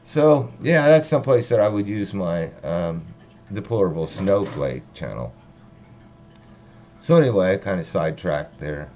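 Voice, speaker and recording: Slow-talking profane man, low voice. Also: expressive, a little mellow. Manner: profane, rambling, jokey. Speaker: livestream host. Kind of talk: rambling casual livestream chat.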